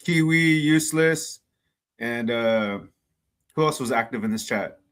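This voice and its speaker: A man's voice: medium pitch, measured pace, fairly bright tone, clear, resonant tone. A man co-hosting a sports betting show, blunt and profane, often cutting in. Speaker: podcast co-host. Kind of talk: casual chat.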